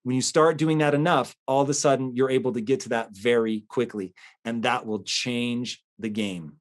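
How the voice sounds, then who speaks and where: A man's voice: mid-range voice, steady tone, moderate pace. A man hosting a motivational talk, speaking emphatically in a conversational, storytelling way. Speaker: host.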